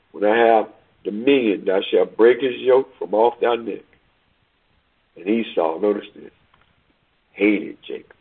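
A man preaching a sermon and reading scripture aloud, slow and emphatic, repeating words and stretching key phrases. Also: on the low side, creaky, breathy edge. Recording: tinny phone-like recording.

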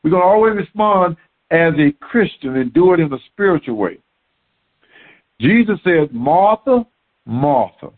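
A man preaching a sermon in an animated way, repeating words for emphasis. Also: on the high side. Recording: tinny phone-like sound.

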